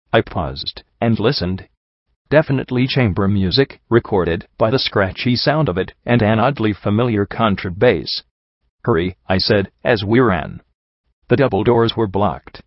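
Low-voiced man reading a story aloud. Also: no echo, muffled recording. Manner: steady, measured storytelling. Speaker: audiobook narrator. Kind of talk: first-person audiobook narration.

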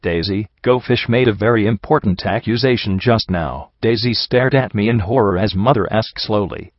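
A man reads a story aloud in a low voice, quoting the characters lightly as he goes. The sound is dry and close, with a slightly muffled, dull quality. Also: moderate pace, no room sound. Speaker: narrator. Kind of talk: audiobook reading of fan fiction.

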